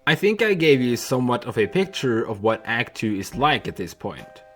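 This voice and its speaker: A young man narrating a video essay in a candid, animated way that includes swearing. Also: medium pitch, normal speed.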